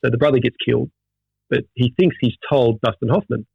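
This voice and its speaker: A middle-aged Australian man, a veteran firefighter, talking in an animated storytelling way with many restarts in a casual interview. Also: mid-range voice, a little fast, creaky, slightly rough, dry recording. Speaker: firefighter guest. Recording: dull dry audio.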